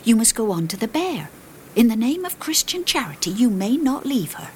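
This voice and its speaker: A man's voice: extremely high pitch, very animated, normal speed, darkish tone, slight background noise, pitched above the performer's own voice. A woman reading the part of a male coach passenger who pleads urgently for a child's sake.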